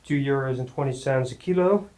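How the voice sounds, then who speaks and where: A man giving a casual workout talk in his home gym, halting with many fillers and out of breath between sets. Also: medium pitch, a little mellow, low-quality recording. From Netherlands. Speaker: fitness vlogger.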